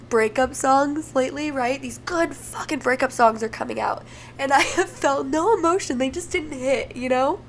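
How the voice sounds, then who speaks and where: A woman's voice: sits high, slight background noise. A young woman hosting a casual solo podcast, emotional and crying, laughing through tears and swearing freely. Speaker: podcast host.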